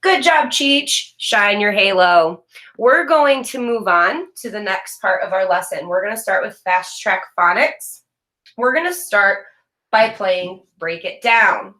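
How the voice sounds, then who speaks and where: A woman teaching a reading lesson to young students in a recorded video, speaking slowly and clearly and praising them often. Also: medium pitch, animated, pushed and bright. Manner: slow, clear, encouraging teacher talk with drawn-out words. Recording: echoey room.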